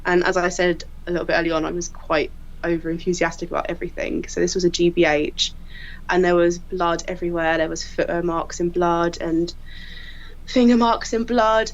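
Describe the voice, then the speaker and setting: A woman, a crime scene investigator telling lively anecdotes and acting out what people said, often laughing. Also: on the low side, lo-fi sound. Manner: lively, laughing storyteller who acts out quotes.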